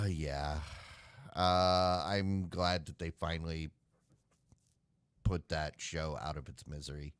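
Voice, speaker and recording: A man's voice: low-pitched, expressive, takes it slowly, long pauses, no room sound. A man co-hosting a live web show, chatting casually and rambling with sighs and filler words. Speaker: podcast co-host. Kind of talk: casual chat.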